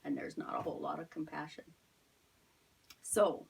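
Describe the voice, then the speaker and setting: A middle-aged woman teaching a Sunday school lesson to children, telling the story expressively and asking the kids questions, sometimes dropping to a soft whisper. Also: sits low, level tone, moderate pace, creaky, husky, recorded from a distance, low-quality recording.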